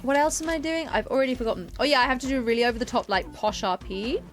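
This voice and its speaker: A woman's voice: on the high side, racing, faint music behind. A woman from England chatting casually on a live gaming stream, rambling and often interrupting herself.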